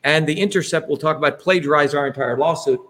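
A man's voice: fairly high pitch, fast talker, a bit bright. Emphatic man rambling through a presentation. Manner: emphatic, digressive, keeps asking "right?" and inserting "by the way". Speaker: presenter leading an online talk.

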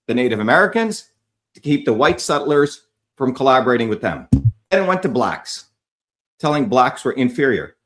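Middle-aged guy yelling a sweary rant at his followers, pitch jumping all over. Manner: profane, shouting insults at commenters. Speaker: online commentator. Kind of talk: angry rant to viewers.

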